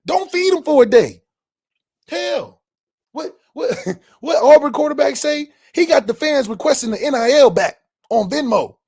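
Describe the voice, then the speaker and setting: A man co-hosting a sports podcast in casual chat, animated, laughing and trash-talking. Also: very high voice, moderate pace. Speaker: podcast co-host. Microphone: webcam setup.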